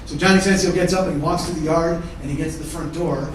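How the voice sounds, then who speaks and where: Man, middle-aged, stand-up storyteller, profane, animated, distant mic, very echoey theater. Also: fairly high pitch, fast, slight background noise. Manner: animated, profane, shouts quoted kids' lines. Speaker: stand-up comedian. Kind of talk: live one-man comedy storytelling. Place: live theater stage with audience laughing.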